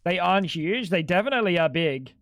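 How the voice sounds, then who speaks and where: A man's voice: high-pitched, animated, fairly quick, a bit bright, dry recording. A young adult man streaming a game live, joking and chatting playfully with his viewers. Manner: joking, playful, talks to chat. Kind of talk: casual live-stream chat while gaming.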